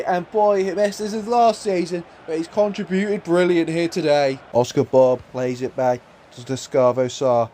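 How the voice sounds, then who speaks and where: Young male gaming creator, high-pitched, excitable self-commentary, faint noise bed. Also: a little slow, few pauses. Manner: swings between muttered play-by-play and shouted excitement. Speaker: gaming YouTuber. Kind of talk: excited football game commentary.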